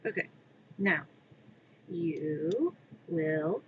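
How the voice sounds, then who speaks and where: A woman streams her crafting from her room, talking slowly and dropping to a murmur as she coaxes her work along. The recording is muffled and lo-fi, with a faint hiss of background noise. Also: medium pitch, animated. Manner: mutters and half-whispers pleas to her work. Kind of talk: live-stream self-talk while crafting.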